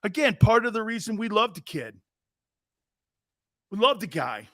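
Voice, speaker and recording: Man, 50s, sports talk host, mocking rant, profane, high-pitched, dry. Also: animated, moderate pace, a bit bright, dry recording.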